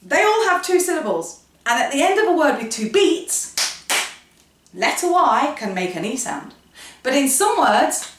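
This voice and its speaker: In an echoey room with the mic far away, a high-voiced phonics teacher animatedly tells children little stories about the sounds letters make, keeping the lesson playful.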